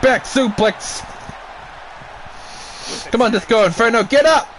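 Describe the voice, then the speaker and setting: A man casually giving play-by-play commentary on a wrestling video game, excitable, swearing and cheering on the wrestlers, while fighting off the hiccups. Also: very high voice, measured pace, slight background noise. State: has the hiccups. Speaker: gameplay commentator.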